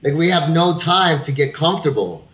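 Animated, profane man telling stories. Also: fairly high pitch, normal speed. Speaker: actor. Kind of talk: casual chat.

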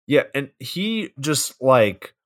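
A man's voice: mid-range voice, big pitch swings, slow, fairly bright tone. A man co-hosting a podcast, casually recapping a film's plot with frequent swearing. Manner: laid-back plot recap, swears often. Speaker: podcast co-host. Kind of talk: casual movie review chat.

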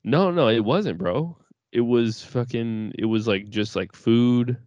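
A man's voice: medium pitch, slow pace, a little mellow, no room sound, muffled recording. A man co-hosting a casual podcast chat, laid-back, swearing often and restarting his sentences. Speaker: podcast co-host.

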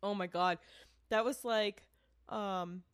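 A woman's voice: medium pitch, fairly even intonation, slow, clean tone, dry recording. A woman co-hosting a casual true-crime podcast, talking frankly and with indignation, swearing and laughing often. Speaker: podcast co-host. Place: not from the area where the show is made.

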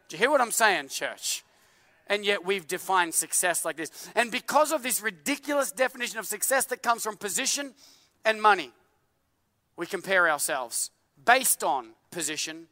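A man in his thirties preaching a sermon in a church, animated and joking, full of filler words. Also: sits high, no room sound, in a large hall. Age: 30s. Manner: animated, jokey, many filler likes. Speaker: pastor.

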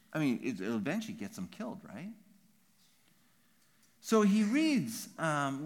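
A man preaching a sermon as pastor, emphatic and animated, often checking in with the congregation with quick "right?" asides. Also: on the high side.

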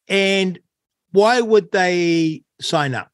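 A male host who asks his interview questions slowly and deliberately. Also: fairly high pitch, big pitch swings, no echo, clean studio sound. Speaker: radio host.

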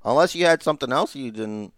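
A man's voice: mid-range voice, lively intonation, fast, dry recording, clean studio sound. Congested, rambling man on a podcast. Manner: rambling, profane, joking. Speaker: podcast co-host. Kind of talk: casual chat.

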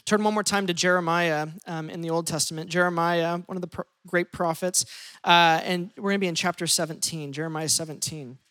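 A pastor preaching a lively sermon, shifting pace often and acting out quoted speech. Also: mid-range voice, a little fast, clear, resonant tone.

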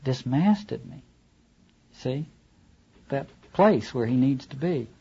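A man's voice: medium pitch, lively intonation, slow pace, gravelly, pauses often, dark tone, breathy edge, highs cut off. A man lecturing on literature, reading passages aloud and adding wry asides.

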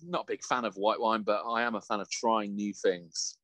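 A man's voice: fairly low pitch, steady tone, normal speed, fairly bright tone, no echo. A man co-hosting a casual podcast chat, laughing often, swearing freely and slipping into mock voices. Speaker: podcast co-host.

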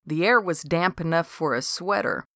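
A woman narrating a novel in a steady, measured storytelling manner. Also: lowish voice, no echo, studio quality. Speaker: audiobook narrator. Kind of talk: novel reading.

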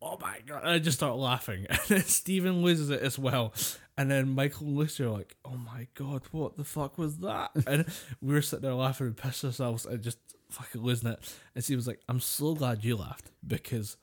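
Man, podcast co-host, casual chat, animated storyteller, laughs often, swears freely, middle pitch. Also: fairly quick, hardly any pauses.

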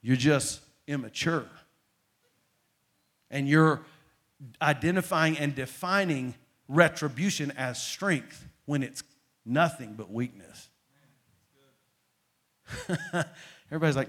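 A man's voice: medium pitch, slow pace, pauses often, fairly bright tone. A man, preaching a sermon as pastor and leading his congregation in reading aloud, swelling to emphatic peaks.

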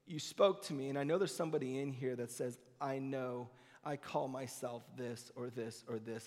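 A man preaching a sermon as a guest pastor, swinging between loud, emphatic declarations and hushed, intimate passages. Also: medium pitch, moderate pace, in a large hall. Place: church sanctuary.

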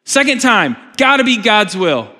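A man acting out the voice of insistent male servants urging a killing, rising toward a shout, within a sermon in a large reverberant hall. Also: high-pitched, very animated, a little slow, voice pushed up, exaggerated voice.

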